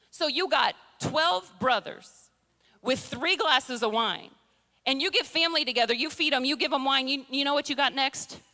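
Bright, high-voiced woman preaching. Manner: humorous, conversational, playful impressions. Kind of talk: sermon. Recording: long reverb in a large hall.

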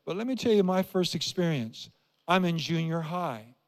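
In a church sanctuary, an older Iowa pastor with a slightly high, expressive voice delivers a sermon at a moderate pace. Repetition and questions aimed at the congregation press his message, echoing with long reverb through the big hall.

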